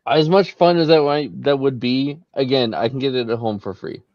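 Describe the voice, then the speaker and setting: A man's voice: mid-range voice, moderate pace. A laid-back man giving short, easy replies on a casual podcast. His audio is dull and lo-fi, as if coming over a weaker call connection. The sound is dry, with no room echo. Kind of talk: casual chat.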